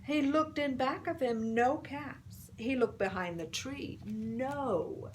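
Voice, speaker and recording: A woman storyteller reading a picture book aloud, slow and expressive, dropping to a whisper for suspense. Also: high voice, a little hiss or hum.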